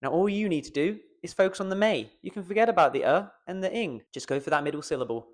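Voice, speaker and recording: A man's voice: high voice, animated, quick pace. A man, a voice coach giving a playful, self-mocking pronunciation lesson to camera and stretching out the stressed syllables.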